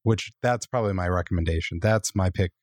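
A man's voice: sits low, brisk, no echo. A man co-hosting a podcast, rambling and opinionated, full of fillers. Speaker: podcast co-host. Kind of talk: casual chat.

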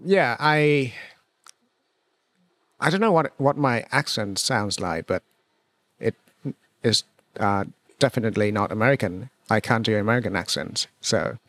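Appearing as a guest in a relaxed chat, a man from Vietnam speaks with a Vietnamese accent, hesitating often, pausing and starting over. His voice leans low but has lively intonation and a fairly bright tone, with no echo on the recording.

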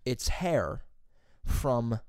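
A man's voice: mid-range voice, big pitch swings, drawn-out words, a little mellow, dry recording, clean studio sound. A young man telling a rambling, profane work story in casual chat. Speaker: plumber's helper telling a story.

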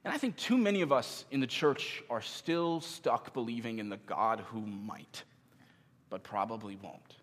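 A man's voice: medium pitch, expressive, measured pace. A man in his thirties preaching a sermon in a casual, conversational way, with self-deprecating humor. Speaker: pastor. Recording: long hall reverb.

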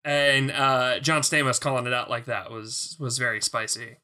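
A man co-hosting a casual podcast chat, animated as he retells jokes from a show and swears for emphasis. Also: medium pitch, moderate pace. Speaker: podcast co-host.

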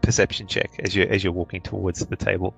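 A man narrating a tabletop game as game master, with halting speech full of fillers. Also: low-pitched, flat delivery, gravelly, fairly bright tone, husky, faint music behind, low-quality recording.

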